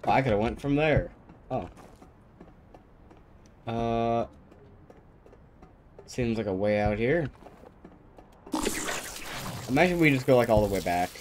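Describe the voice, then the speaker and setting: A man's voice: medium pitch, lively intonation, slow, pauses often, a little hiss or hum. A young man casually commenting while playing a video game, mumbling and unsure. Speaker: gamer playing through a game. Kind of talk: casual let's-play commentary.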